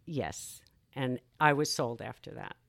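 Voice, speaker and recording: A woman's voice: very deep voice, expressive, unhurried, vocal fry. A woman in her sixties, a guest on a podcast, telling a story in a chatty way and laughing easily. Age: 60s. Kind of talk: casual chat.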